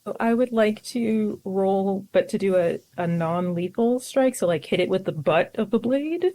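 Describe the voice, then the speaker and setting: Female player, mid-pitched, chatty, eager. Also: moderate pace, dark tone, low-quality recording. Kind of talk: casual tabletop game play.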